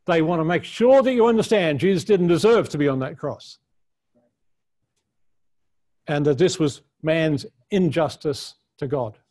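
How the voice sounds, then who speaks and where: A man teaches a conference session on the Bible with a somewhat high voice. His delivery is earnest and unscripted, and he often restarts his sentences as he works out his point. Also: a little slow, long pauses, a little mellow. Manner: earnest, thinks aloud with frequent restarts and fillers. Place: conference room.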